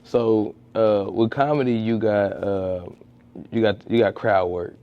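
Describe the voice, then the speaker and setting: A man's voice: a little slow, clear, resonant tone, phone-quality sound. A man, a comedian, chatting casually in a podcast interview, telling stories and acting out quotes with frequent restarts. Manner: animated storyteller, acts out quotes in a high voice, many restarts. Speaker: comedian and street-interview content creator. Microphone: podcast studio mic.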